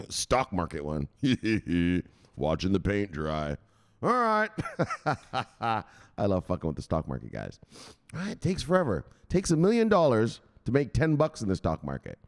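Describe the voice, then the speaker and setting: An American man hosts a crypto news vlog in a loose, rowdy style. His voice leaps all over the place in pitch as he jokes, laughs and shouts catchphrases at his viewers. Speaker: crypto news channel host. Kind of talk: casual livestream-style vlog chat.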